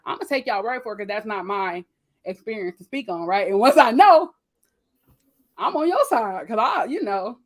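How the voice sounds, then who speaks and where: A woman with features chatting casually on a panel, acting out what people say in lively voices. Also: mid-range voice, moderate pace. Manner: animated, quotes people in voices.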